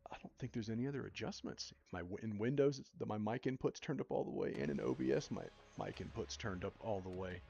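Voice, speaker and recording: A man's voice: fast, creaky, hardly any pauses, husky, dull audio. A man hosting a casual live stream while he draws, talking in a mumbly, rambling way into a desktop mic. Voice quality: mumbly, low-key delivery. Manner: relaxed, rambling, thinks out loud. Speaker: live-stream host drawing fan art. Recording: music playing loudly behind voice.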